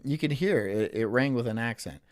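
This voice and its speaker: Animated, crude-talking male streamer. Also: medium pitch, moderate pace, slight background noise. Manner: crude, rambling, laughs often. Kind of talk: casual live-stream chat.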